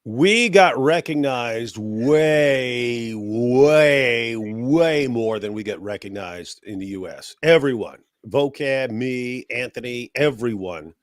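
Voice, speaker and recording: A man from the United States who has a cold talks in a loose, sarcastic chat, mocking as he goes. His voice sits at an ordinary middle pitch and the sound is dry and close, with no room around it. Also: animated, slow, few pauses, dry recording. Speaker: guest. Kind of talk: casual chat.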